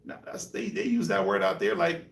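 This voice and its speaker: Man w/ a higher-ish voice telling stories in a casual group chat, sounds far from the mic. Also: a little fast, vocal fry. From New York and Colorado, Jamaica. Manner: animated storytelling with laughs. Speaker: host. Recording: echoey room, mic at a distance.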